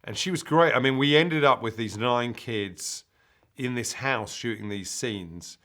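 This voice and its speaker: A man, an actor talking casually in a press interview, relaxed and conversational with plenty of fillers. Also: medium pitch, unhurried. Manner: relaxed, conversational, uses "you know" fillers.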